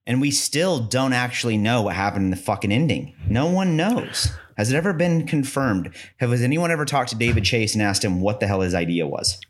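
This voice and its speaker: A man's voice: medium pitch, expressive, a little fast, hardly any pauses. A man in easygoing casual chat as a podcast co-host. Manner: easygoing, reads aloud from an article.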